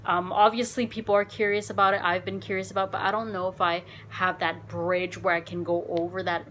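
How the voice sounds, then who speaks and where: A woman vlogger telling a dating story in a casual, animated, frank way, swearing and saying "like" a lot. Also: on the low side, a little fast, a little hiss or hum.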